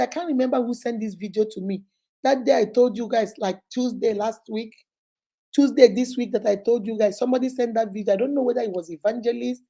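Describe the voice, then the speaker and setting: A middle-aged woman hosting a live-stream chat and counseling show, animated and chatty as she greets viewers by name. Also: mid-range voice, gravelly, low-quality recording. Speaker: host and counselor.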